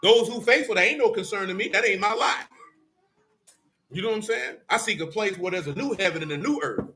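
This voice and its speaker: A man leading a Bible study in a folksy, animated preaching style, quizzing his listeners and calling them "boy" and "man". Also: sits high, a little fast, a little hiss or hum.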